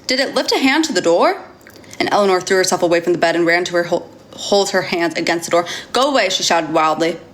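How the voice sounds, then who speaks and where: A woman's voice: lowish voice, fast. A woman reading a novel aloud on a casual livestream, stumbling now and then and chatting with viewers.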